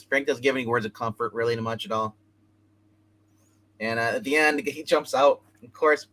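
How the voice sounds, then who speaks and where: Bright-voiced man rambling about comics. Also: medium pitch, rough recording. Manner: rambling, retells scenes with quick put-on dialogue. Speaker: comics review host. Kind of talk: casual comic book review.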